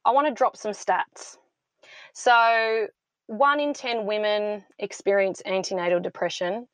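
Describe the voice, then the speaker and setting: A woman's voice: medium pitch, fairly even intonation, unhurried, clear, resonant tone, no room sound. A woman, speaking passionately and emphatically as an interview guest. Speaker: podcast guest, founder of a mothers' support club. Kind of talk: heartfelt interview talk.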